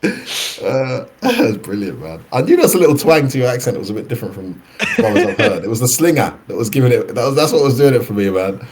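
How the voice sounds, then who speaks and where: A British man giving excitable, chatty live commentary on a fighting-game match. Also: medium pitch, brisk. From United Kingdom. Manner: excitable, chatty, laughs often. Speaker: esports commentator.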